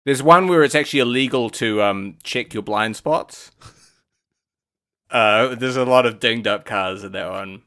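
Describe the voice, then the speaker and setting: A man co-hosting a comedy podcast, riffing a silly story in a soft, hesitant, trailing way. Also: medium pitch, unhurried, clean tone. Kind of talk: improvised comic storytelling.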